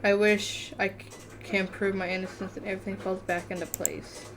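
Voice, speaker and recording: A woman's voice: mid-range voice, little pitch movement, moderate pace. Woman reading a game aloud, stumbling. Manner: stumbles over words while reading. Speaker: gamer reading a visual novel aloud. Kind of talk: casual let's-play reading.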